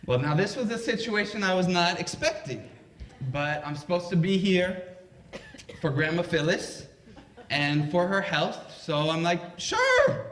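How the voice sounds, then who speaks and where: A man's voice: high voice, measured pace, a bit bright. A young man telling a funny personal story on a live stage, conversational and playful, with chatty asides to the audience. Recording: roomy live hall.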